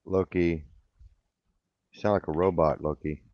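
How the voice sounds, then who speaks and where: A man hosting a casual talk radio show, drawling and often pausing with uh. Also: deep voice, fairly even intonation, no room sound. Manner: drawling, repeats himself, says uh often. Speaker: radio host. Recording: dull lo-fi sound.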